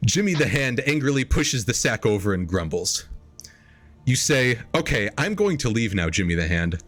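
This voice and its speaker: A man hosting a podcast, reading an AI-written story aloud as a comedic dramatic reading and pitching quoted lines up into exaggerated voices. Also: very animated, a little slow, fairly bright tone, faint music behind. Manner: reads quoted lines in exaggerated higher voices, laughing at the text. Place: home streaming setup.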